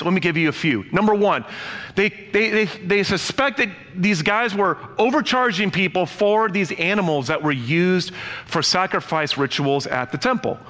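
A man preaching a sermon, lively and playful, acting out the voices in his stories. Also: high-pitched. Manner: animated, playful, acts out quotes. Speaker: pastor. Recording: long hall reverb.

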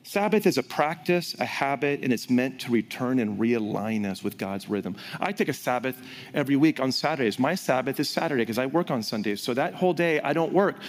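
A pastor delivering a lively sermon, his somewhat high voice leaping up and dropping to near whispers. He is heard through the long reverb of a church hall. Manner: animated, swings between loud emphasis and hushed whispers. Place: church sanctuary.

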